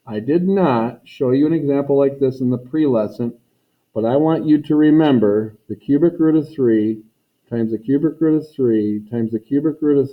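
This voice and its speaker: Folksy math teacher on a tinny recording. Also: male voice, medium pitch. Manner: folksy, repeats catchphrases, talks students through steps. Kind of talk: recorded classroom lesson.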